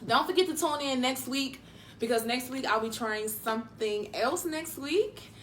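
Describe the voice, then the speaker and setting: Young woman rambling thru a storytime mukbang, lots of "like", kinda high voice. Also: moderate pace, fairly bright tone, slight background noise. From Detroit, USA. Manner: chatty, loose, full of "like" fillers. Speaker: mukbang vlogger. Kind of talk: casual storytime chat while eating.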